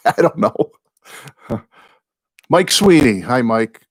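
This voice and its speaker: A man's voice: mid-range voice, sing-song, drawn-out words, no room sound. An American man in his sixties hosting a live chat, a rambling, chatty storyteller who often apologizes and thanks viewers. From United States. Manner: apologetic, warm toward viewers. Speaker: host.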